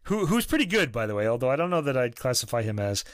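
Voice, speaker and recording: A man's voice: medium pitch, big pitch swings, quick pace, dry recording, studio quality. A man co-hosting a music podcast, chatting in a jokey, opinionated way with lots of fillers. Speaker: podcast co-host. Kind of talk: casual music review chat. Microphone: podcast microphone.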